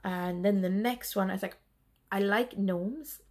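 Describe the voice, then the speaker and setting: A woman's voice: mid-range voice, unhurried, darkish tone. A tired woman chatting casually in a rambling way on her cross-stitch vlog, laughing often. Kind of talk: casual chat.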